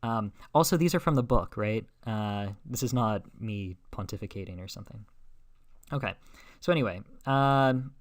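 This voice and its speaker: A man's voice: fairly low pitch, moderate pace. Man lecturing with frequent "right?" checks. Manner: explains step by step, with many "right?" checks and fillers. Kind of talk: recorded logic lecture. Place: classroom or recorded lecture.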